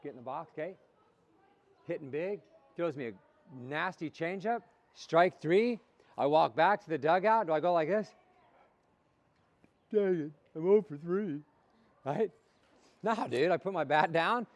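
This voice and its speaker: In a dull, lo-fi recording, a man with a fairly high voice and lively intonation gives young baseball players a pep talk at a moderate pace. He uses call-and-response, posing questions and echoing their answers back.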